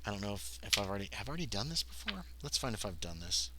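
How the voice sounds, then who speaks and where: A man talks through a solo tabletop scenario on a casual livestream, thinking aloud as he reads out the rules and the dice. His voice is very bright and cutting, and his pitch moves up and down a lot. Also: sing-song, racing, slight background noise, rough recording.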